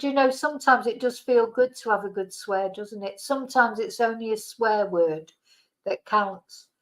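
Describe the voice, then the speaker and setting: On a low-quality recording, a middle-aged host from Manchester, England banters casually with her livestream audience and breaks into laughter often. Her mid-range voice has a touch of brightness.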